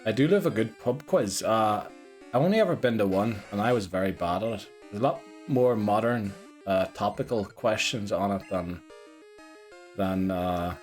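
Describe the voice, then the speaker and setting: A rambling, joking man with a Northern Irish accent chats casually as a game streamer. His voice sits fairly low. Faint music plays behind him. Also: normal speed, darkish tone. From Northern Ireland. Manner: rambling, joking, chuckles often. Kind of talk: casual live-stream chat.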